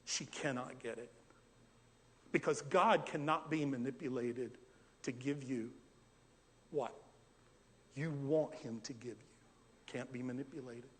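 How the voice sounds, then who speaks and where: Male pastor, high bright voice, lively sermon style, long church reverb. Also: takes it slowly, pauses often. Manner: animated, rhetorical questions, acts out scenes. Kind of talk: verse-by-verse sermon. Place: church sanctuary.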